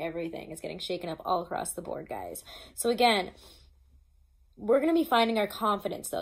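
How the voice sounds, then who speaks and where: A woman giving a casual tarot reading, chatty and loose, swearing freely and stumbling over her notes. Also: mid-range voice. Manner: reads from notes, restarts often. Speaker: tarot reader.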